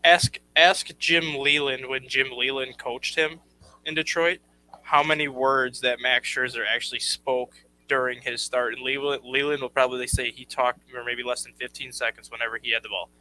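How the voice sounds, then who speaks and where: A man co-hosting a sports talk show, telling anecdotes quickly and quoting what people said. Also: medium pitch, fairly even intonation, bright, forceful tone, a little hiss or hum, rough recording. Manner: quick, recounts anecdotes with quoted lines.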